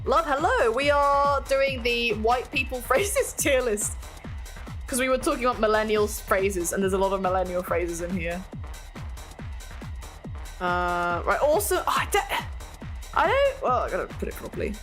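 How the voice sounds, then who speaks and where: Giggly British woman, lively high voice. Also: normal speed. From Britain. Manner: chatty, giggly, self-mocking. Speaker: streamer. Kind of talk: casual chat stream. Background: faint music playing.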